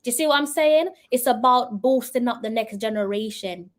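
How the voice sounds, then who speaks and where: A woman's voice: fairly high pitch, moderate pace. A woman from Jamaica with a Jamaican accent, hosting a live-stream commentary, answering viewer comments in an earnest, persuasive way and talking straight to her viewers. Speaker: host.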